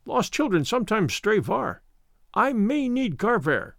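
A man's voice: high voice, big pitch swings, measured pace, gravelly, fairly bright tone, dry recording, studio quality, voice pushed up, exaggerated voice. A man voicing a pompous, henpecked old army major who blusters in an audiobook reading. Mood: blustering.

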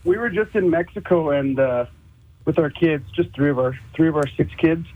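A man's voice: a little high, lively intonation, normal speed. A man calling a radio show, friendly and telling a story, heard over a tinny phone line. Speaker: caller.

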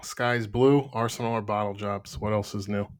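A man's voice: on the low side, fairly even intonation, normal speed. A man co-hosting a football podcast, blunt and sarcastic, swearing as he argues his team has choked. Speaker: podcast co-host, Arsenal fan. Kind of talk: heated casual football debate.

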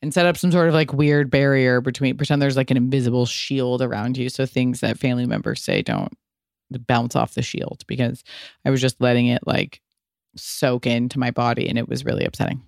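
A woman's voice: extremely low pitch, fairly quick, vocal fry, darkish tone, no room sound, clean studio sound. A woman in her thirties hosting a podcast, telling a story in a chatty way, full of "like" and casual swearing. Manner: chatty, frequent "like" fillers and swearing. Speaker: podcast host.

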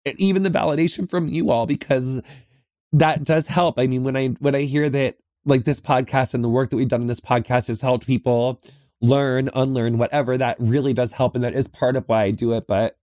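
A man's voice: medium pitch, steady tone, fairly quick, a little mellow, no room sound, clean studio sound. A man hosting a podcast, talking alone in an earnest, reflective way from inside a small closet, often saying "like". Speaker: podcast host. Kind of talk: heartfelt solo podcast talk.

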